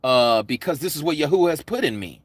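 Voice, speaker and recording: A man preaching a Bible study sermon, loud and vigorous, with mounting intensity. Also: on the high side, expressive, fast, husky, no echo. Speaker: Hebrew Roots Bible teacher. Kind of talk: impassioned livestream sermon.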